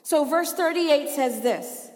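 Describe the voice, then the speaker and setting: A woman's voice: high-pitched, takes it slowly, darkish tone, big-room sound. A woman preaching a sermon, chatty and laughing often, asking the congregation questions as she reads from the Bible.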